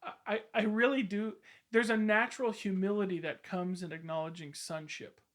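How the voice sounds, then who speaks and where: High-voiced reflective man on a podcast. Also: steady tone, moderate pace, fairly bright tone. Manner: reflective, playful. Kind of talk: casual podcast discussion.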